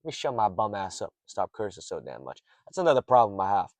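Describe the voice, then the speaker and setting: Young dude yapping late at night in his car, low voice, cusses a lot, keeps losing his train of thought. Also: big pitch swings, fast talker, darkish tone, no room sound. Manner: rambling, swears often, drifts off topic. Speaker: streamer rambling to camera. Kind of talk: rambling late-night monologue. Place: parked car in a garage.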